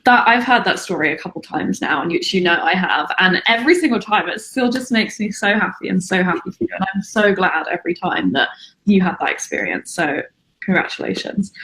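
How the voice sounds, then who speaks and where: A woman hosts the interview, encouraging her guest warmly. Her voice has a medium pitch. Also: low-quality recording. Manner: warm, supportive. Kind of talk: interview questions.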